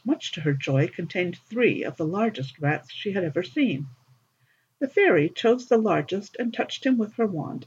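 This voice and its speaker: A woman narrating a fairy tale in an expressive, lilting storybook reading, on a dull lo-fi recording. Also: medium pitch, breathy edge.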